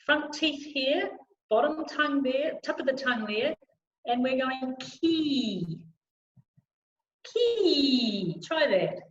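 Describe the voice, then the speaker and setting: A woman leading a choir through a vocal warm-up lesson on a video call, encouraging and demonstrating sounds aloud. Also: high voice, a little slow. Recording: roomy, slightly dull video call audio.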